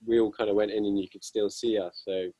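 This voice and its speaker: A young man with a deep, husky voice tells rambling, self-mocking stories about his band's gigs. He is heard up close with a dry sound and no room echo. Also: little pitch movement, fast talker, mellow. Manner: self-deprecating, amused, rambling with many fillers. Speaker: guitarist guest. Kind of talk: casual interview storytelling.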